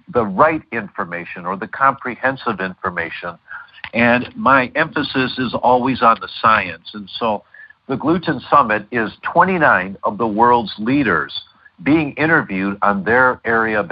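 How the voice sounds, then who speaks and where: A man's voice: mid-range voice, animated, a little slow, breathy edge, dull audio. A middle-aged man speaking as a guest doctor in an interview, telling stories with many fillers and restarts. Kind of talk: interview over a call.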